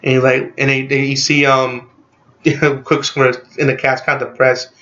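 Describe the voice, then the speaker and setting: Casual male movie reviewer, excitable and rambling, constant fillers, mid-range voice, dull lo-fi home recording. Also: medium pitch, normal speed.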